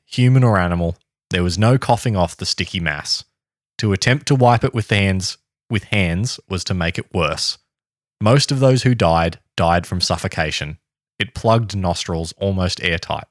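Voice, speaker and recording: This podcast host speaks low and at a normal speed, reading a history story to his co-host evenly and slipping in dry remarks. There's no room sound on the recording.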